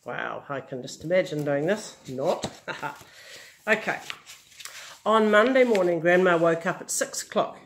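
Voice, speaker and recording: An older woman reading a picture book aloud, gentle and amused with chatty asides. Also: lowish voice, lively intonation, a little slow, slight background noise. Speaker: storyteller.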